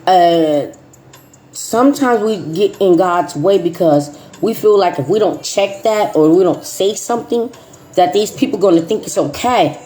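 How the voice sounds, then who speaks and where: A middle-aged woman host, talking in a casual, emphatic way, repeating phrases and dropping into low asides. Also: expressive, measured pace, dark tone. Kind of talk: casual chat.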